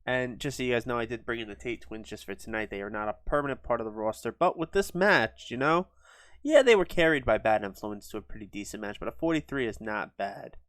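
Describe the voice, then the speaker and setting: A man giving quick, offhand casual commentary on a wrestling sim game, with fillers. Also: medium pitch, animated, a bit bright, no echo. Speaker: gaming video host.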